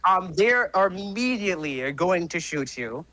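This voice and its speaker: A man's voice: high voice, sing-song, moderate pace, pushed and bright, low-quality recording. A man narrating as game master of a tabletop game, casual and full of fillers and self-corrections.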